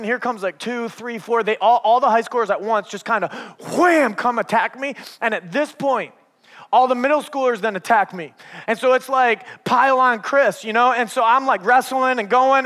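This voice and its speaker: A middle-aged male pastor preaching a sermon with animated storytelling, laughing and acting out voices. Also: very high-pitched. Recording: reverberant hall.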